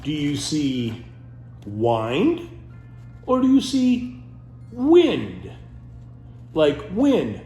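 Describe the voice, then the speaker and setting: A man doing a playful comic monologue as a host, silly and animated. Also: a little high, slow, echoey room, soft background music. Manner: animated, silly, keeps breaking into goofy voices. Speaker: comedy host.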